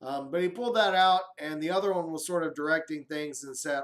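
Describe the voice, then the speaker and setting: A man's voice: a little high, quick pace, hardly any pauses. A man hosting a casual live chat, telling a rambling, profane story and acting out what people said. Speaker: live stream host. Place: home, live stream.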